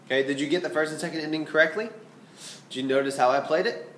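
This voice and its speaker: A man's voice: fairly high pitch, fast talker, a bit bright, echoey room, a little hiss or hum. A man teaching a flute lesson, explaining patiently and checking in with his students. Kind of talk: music lesson instruction.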